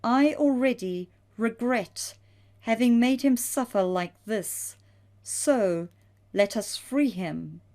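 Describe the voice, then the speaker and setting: A grave Roman governor addresses a crowd, read by a woman. The delivery is slow and declaiming, with a dark, mellow tone. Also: fairly high pitch. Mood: declaring. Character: Roman governor, a man, showing the condemned.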